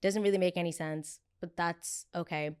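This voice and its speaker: A woman's voice: lowish voice, normal speed, clean tone. A young woman hosting a podcast, telling a story casually and acting out the people in it with exaggerated voices. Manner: animated, acts out quotes in exaggerated voices. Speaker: podcast host.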